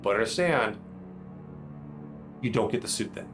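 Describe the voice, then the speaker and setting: A man's voice: lowish voice, animated, moderate pace, fairly bright tone, soft background music. A man voicing a fussy, chatty older male tailor who pleads and fusses over his customers. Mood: fussy pleading.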